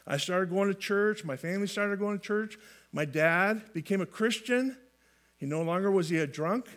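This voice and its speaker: A man's voice: high voice, normal speed, a bit bright. A man from California preaching a sermon in a folksy way, often restarting phrases and adding light humor. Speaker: pastor.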